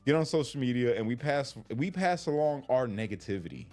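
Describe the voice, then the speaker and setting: A man's voice: medium pitch, expressive, fairly quick, darkish tone, soft background music. A man giving a casual preaching livestream, slangy and conversational, repeating his points and laughing often. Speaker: faith livestreamer.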